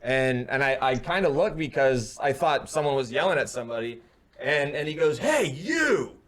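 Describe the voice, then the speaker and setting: A young man, co-host of a casual talk show, telling a story with energy and acting out the other man's shouted lines, heard over a remote call. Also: medium pitch, normal speed. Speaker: podcast co-host. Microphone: headphones on, remote call.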